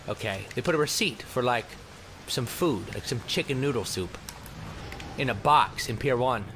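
A man's voice: mid-range voice, expressive, normal speed, a bit bright, a little hiss or hum. A young man giving goofy, rambling gameplay commentary, joking at his own expense and breaking into mock screams. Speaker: let's play commentator.

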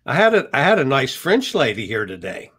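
A man's voice: medium pitch, wildly swooping pitch, brisk, a bit bright, breathy edge. Easygoing joking co-host, a man. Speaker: co-host reading viewer greetings. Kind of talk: casual chat.

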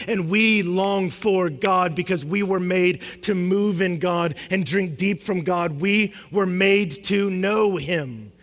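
A young man preaching a sermon, animated, climbing to emphatic questions and then dropping low and quiet. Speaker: pastor. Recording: long hall reverb.

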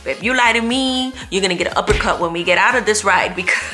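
A woman at home telling a story to her viewers in an animated, expressive way, laughing often. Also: mid-range voice, fast talker, soft background music. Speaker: vlogger. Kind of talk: storytime chat to camera.

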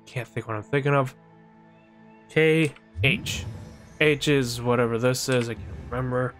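A man's voice: medium pitch, a little slow, fairly bright tone, faint music behind. A man streaming a video game live, chatting casually and thinking aloud as he plays. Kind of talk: casual live-stream chat while gaming.

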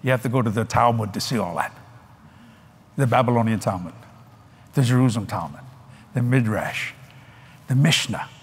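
An older man preaching a sermon at a large convention, animated and folksy, laughing between points. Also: mid-range voice, moderate pace, pauses often, breathy edge.

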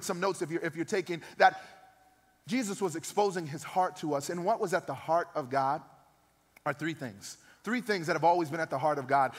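Pastor in his thirties, high-pitched man, preaches with build-ups to loud peaks; reverberant church hall. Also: husky. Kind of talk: sermon.

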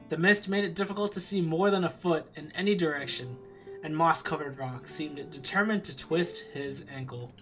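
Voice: medium pitch, fairly bright tone, poor audio. A streamer reading a visual novel aloud on a live stream, with playful, self-mocking asides.

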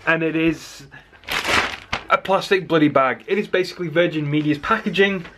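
A man narrating his day in a casual vlog, chatty and quick to rant when annoyed. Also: a little high, fairly bright tone, slight background noise. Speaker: vlogger.

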